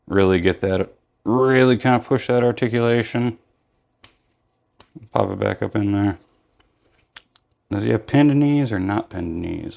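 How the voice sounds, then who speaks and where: A toy reviewer with a slightly low, gravelly and somewhat mellow voice rambles through a casual unboxing vlog. He sounds tired, leans heavily on fillers like "like," and keeps correcting himself.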